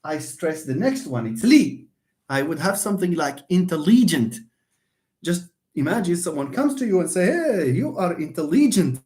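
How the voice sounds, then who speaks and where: A linguistics lecturer with a lively-pitched voice gives a live online lecture on phonetics at a moderate pace. He repeats points, asks and answers his own questions, and greets viewers by name, addressing them as friends.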